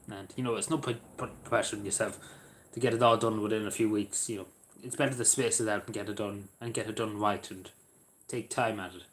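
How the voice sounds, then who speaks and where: Chatting casually with his livestream audience, a man at home in a squeaky chair rambles hesitantly, using many fillers and restarting often. His voice is fairly low in pitch and a bit bright.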